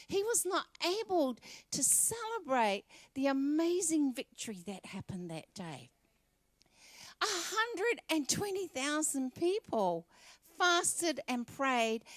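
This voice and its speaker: Higher-voiced Australian woman preaching. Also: fairly bright tone, dry recording. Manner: conversational, addresses the congregation directly. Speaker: pastor. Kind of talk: sermon. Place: church.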